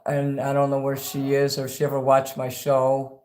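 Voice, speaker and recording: Guy rambling on his livestream, swears a lot, gets all worked up, mid pitch. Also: moderate pace, slight background noise. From Chicago. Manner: rambling, profane, excitable. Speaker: livestream host. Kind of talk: casual livestream chat.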